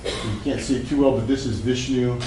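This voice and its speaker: A man's voice: medium pitch, steady tone, brisk, noisy background. A man giving a classroom lecture as a psychology professor, loose and conversational, with many fillers and asides.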